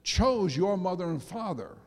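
A man's voice: high voice, expressive, a little slow. Man preaching in a reverberant church. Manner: preachy, swings between soft asides and loud emphasis. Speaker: pastor. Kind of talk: sermon. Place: church sanctuary. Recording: long reverb of a church hall.

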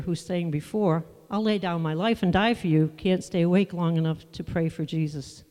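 A preacher delivers a sermon in a mellow, warm voice, talking through scripture in an easygoing, conversational way. The sound carries a long reverb, as if in a large hall. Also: medium pitch. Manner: conversational, unhurried Bible teaching with asides.

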